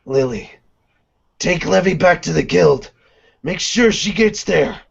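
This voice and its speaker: A man voicing a gruff young male dragon slayer facing death, subdued and earnest, in an amateur manga read-along. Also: on the high side, lively intonation, slow, voice pushed up, full character voice. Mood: grim. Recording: dull lo-fi podcast audio.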